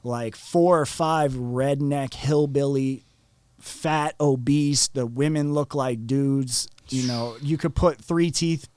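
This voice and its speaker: A young man from Florida tells his story as a podcast guest, talking casually with lots of swearing and acting out what others said. His pitch sits in the middle, and the recording is dry and close. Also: takes it slowly, smooth, dry recording. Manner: animated, profane, acts out quotes.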